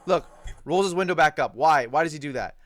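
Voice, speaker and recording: A man rants about sports news in heated, profanity-laced reaction commentary, repeating himself for emphasis. His voice is fairly high and fairly bright, and he talks briskly.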